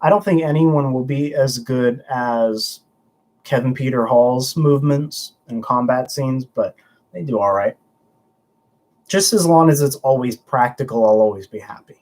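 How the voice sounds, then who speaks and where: Slightly slow and a little mellow, a young man's mid-range voice carries his casual livestream. He rambles through chatter and viewer comments, restarting his sentences often as he stumbles.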